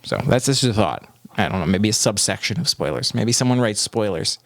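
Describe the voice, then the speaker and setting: A man's voice: fairly low pitch, brisk, creaky, dry recording, clean studio sound. A young man vlogging in a casual, upbeat way, rambling and losing his train of thought now and then. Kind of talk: casual chat to camera.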